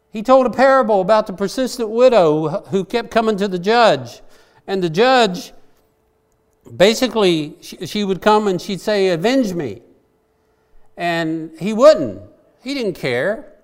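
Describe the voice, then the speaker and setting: A male preacher, his voice sitting a little high for a man. He talks to his congregation earnestly and plainly, and climbs into passionate, pleading outbursts. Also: animated, unhurried. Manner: earnest, rising to impassioned pleading. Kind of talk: sermon.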